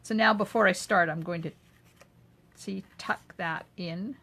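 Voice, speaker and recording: Slow, gravelly older woman crafter. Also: fairly low pitch, bright, forceful tone. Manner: chatty, answers viewer comments while working; narrates each crafting step aloud. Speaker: craft video host. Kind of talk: live craft demo chatting with viewers. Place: home craft room.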